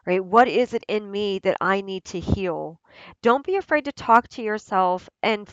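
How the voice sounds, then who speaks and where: A woman's voice: medium pitch, no room sound, muffled recording. A woman giving an oracle card reading in an earnest, repetitive way, often checking in with "right?". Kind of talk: spiritual guidance reading.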